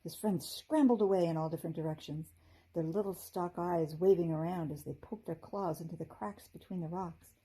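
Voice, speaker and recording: A woman teacher reading a children's chapter book aloud in a gentle, expressive storytelling manner. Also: fairly low pitch, fairly quick, breathy edge, rough recording.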